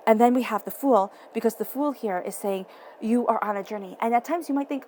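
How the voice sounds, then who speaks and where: A woman's voice: a little high, fairly quick, darkish tone, a little hiss or hum. A woman giving a tarot reading straight to the listener, emphatic and repeating her key phrases. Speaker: tarot reader. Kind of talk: tarot reading addressed to viewers.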